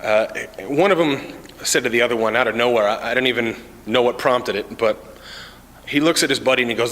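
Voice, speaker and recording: A man tells comic stories in a casual, deadpan way, stumbling over "uh" fillers. His voice is bright and forceful at a middling pitch. The sound carries a long reverb from an indoor common area. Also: fairly quick. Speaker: amateur stand-up comic, Army sergeant. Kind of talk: stand-up comedy storytelling.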